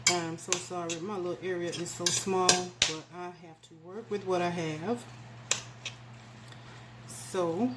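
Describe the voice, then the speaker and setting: Taking it slowly and pausing often, a woman with a lowish, steady voice demonstrates a recipe casually in her small home kitchen, chatting folksily to viewers. Filming herself on the camera mic, she's recorded in an echoey kitchen with background noise.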